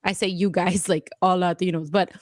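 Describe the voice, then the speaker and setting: A woman from Minnesota in her thirties, a Spanish-language radio host, chatting casually and telling animated stories that slip into Spanish. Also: fairly low pitch, normal speed, dry recording, studio quality. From Minnesota, USA. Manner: animated storyteller, switching into Spanish. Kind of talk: casual podcast chat.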